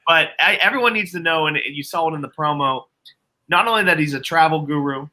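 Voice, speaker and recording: A man's voice: on the high side, a little fast, sharp tone. A man hosting a casual video-call talk show, joking and swearing freely. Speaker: host.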